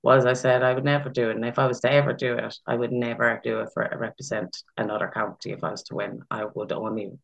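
A guest telling personal stories in casual conversation, chatty and animated, with frequent fillers. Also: mid-range voice, fast talker, vocal fry, hardly any pauses, highs cut off. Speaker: interview guest, Pride chairperson.

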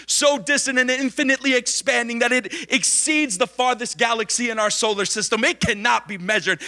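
A man's voice: very high-pitched, sharp tone. A man preaching a sermon, emphatic, asking questions and answering them himself, stretching key words.

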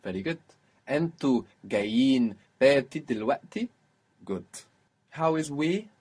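Man, language teacher, patient, husky voice, careful explanations. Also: mid-range voice, expressive, darkish tone. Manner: patient, explains pronunciation slowly. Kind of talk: spoken language lesson.

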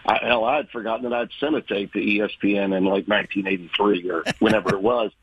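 Husky veteran sportscaster telling stories. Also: male voice, lowish voice, fast, dry recording, highs cut off. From Louisiana. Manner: folksy, animated storyteller, acts out quoted voices. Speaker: sports broadcaster guest. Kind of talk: conversational interview storytelling.

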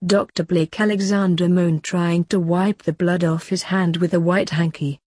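A woman narrating a dark fantasy story in a plain, steady reading voice. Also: on the low side, normal speed, hardly any pauses, dry recording.

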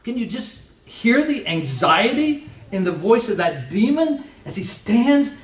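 A middle-aged pastor preaching a sermon with earnest, emphatic delivery, recorded from a distance in a church sanctuary. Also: male voice, high voice, sing-song, a little slow. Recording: echoey room, voice from a distance.

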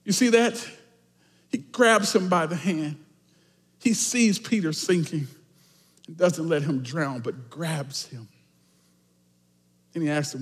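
A pastor preaching with emphatic swings between loud, shouted lines and soft asides. His voice sits high for a man, and it rings out through a reverberant church hall. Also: slow, long pauses. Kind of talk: sermon.

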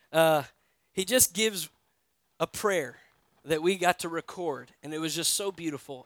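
With a high, smooth, resonant and fairly bright voice, a male pastor from New York delivers a sermon full of conversational storytelling and frequent direct questions to the audience. The recording is close and dry.

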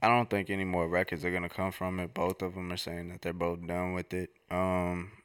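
A man's voice: deep voice, little pitch movement, a little fast, fairly bright tone, smooth, dry recording, clean studio sound. A young man co-hosting a podcast, telling stories in casual slangy chat. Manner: laid-back slangy storytelling. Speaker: podcast co-host.

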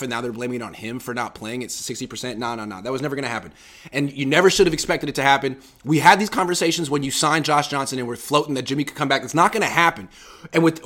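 A bright, clear-toned young man hosting a sports talk show. He argues hard and gets animated, now and then reading out comments from listeners. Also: medium pitch. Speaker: podcast host.

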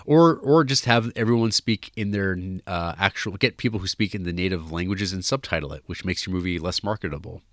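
A man's voice: low voice, brisk, hardly any pauses, dry recording, clean studio sound. A man co-hosting a podcast, talking through a film in a rambling casual way with many fillers and restarts. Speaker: podcast co-host.

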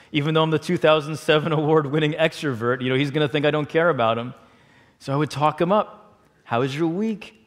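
A man telling a personal story in a chatty, animated way, full of fillers. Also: mid-range voice. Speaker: speaker. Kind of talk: storytelling talk.

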